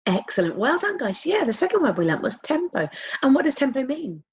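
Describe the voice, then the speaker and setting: Woman teaching an online class for little kids: higher voice, very lively, playful, recorded on dull low-fi audio. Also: fast, husky. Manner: animated, playful, sing-song with whoops and whispers. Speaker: primary school music teacher. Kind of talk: online lesson for young children. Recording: dull lo-fi home video sound.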